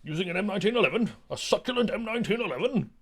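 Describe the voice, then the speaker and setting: A man imitating a melodramatic performer resisting arrest, declaiming in a booming, over-dramatic way. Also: lively intonation, rapid-fire, fairly bright tone. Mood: theatrical.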